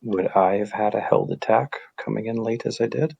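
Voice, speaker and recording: Very deep gravelly husky man. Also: fairly quick, a little mellow, no echo, lo-fi sound. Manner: reassuring tactical planner. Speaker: player. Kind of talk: tabletop game chat.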